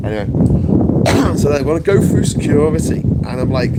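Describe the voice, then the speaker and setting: A man's voice: mid-range voice, lively intonation, fairly quick. A man hosting a casual live stream outdoors in the wind, chatty and sweary, reading viewers' comments aloud and short on sleep after a night of travel. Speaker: livestream host. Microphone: small clip-on mic with foam.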